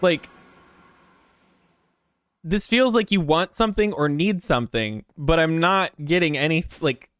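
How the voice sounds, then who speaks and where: A man recounts a story in an animated, casual stream chat, swearing freely and breaking into laughter. His voice is smooth and clear, pitched a bit higher than most men. The sound is close and dry. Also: unhurried, pauses often, dry recording.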